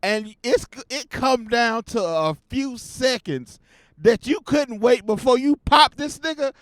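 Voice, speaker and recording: A man hosting his own podcast, giving casual commentary in a profane, animated rant. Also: very high-pitched, slow, dry recording. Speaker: podcast host.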